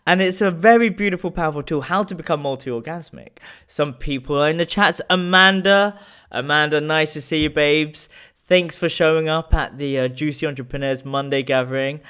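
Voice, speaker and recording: Smooth-voiced man chatting on a live stream. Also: fairly high pitch, moderate pace. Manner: animated, storytelling, greets viewers by name. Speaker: livestream host. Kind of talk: casual live stream chat.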